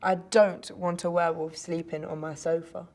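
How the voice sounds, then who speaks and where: A woman's voice: lowish voice, flat delivery, moderate pace, a little mellow, close to an everyday voice. A woman voicing a young sister in a storybook, complaining in a worked-up way.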